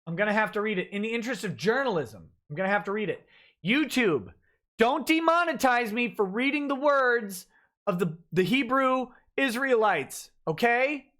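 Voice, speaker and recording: A woman's voice: on the high side, animated, normal speed, fairly bright tone. A woman hosting a livestream, giving sarcastic, ranting commentary while reading text aloud with asides. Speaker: host.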